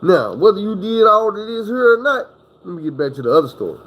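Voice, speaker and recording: A man's voice: high voice, very animated, fast, muffled recording. A man telling a story in a casual, rambling, profane way, acting out the people he quotes.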